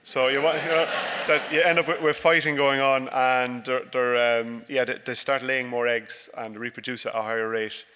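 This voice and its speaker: A man's voice: mid-range voice, little pitch movement, moderate pace, hardly any pauses, bright, forceful tone, smooth. A dairy farmer giving a chatty, jokey conference presentation about his farm. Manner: jokey, chatty and self-deprecating. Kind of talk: informal conference presentation with slides. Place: large conference hall. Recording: long hall reverb.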